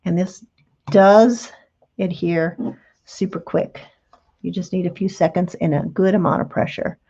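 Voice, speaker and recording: Female craft host, low gravelly voice, chatty and patient demo, dull lo-fi sound. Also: steady tone, measured pace, mellow. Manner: chatty, patient, talks while working with hands. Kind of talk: relaxed step-by-step craft demonstration.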